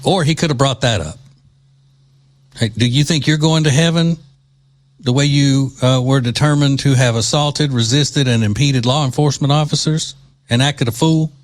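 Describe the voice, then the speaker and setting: A man's voice: medium pitch, normal speed. Indignant man from Louisiana hosting talk. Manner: mocking, indignant, drawling delivery. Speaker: talk show host. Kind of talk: political commentary.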